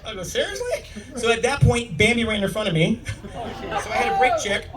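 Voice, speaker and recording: A man's voice: sits high, fairly quick, recorded from a distance, rough recording. A middle-aged man telling stories in a stand-up comedy set, acting out the lines of the people in them. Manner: storytelling, acts out people's lines. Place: comedy club stage before a live audience. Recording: audience recording from across the room. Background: loud laughing crowd.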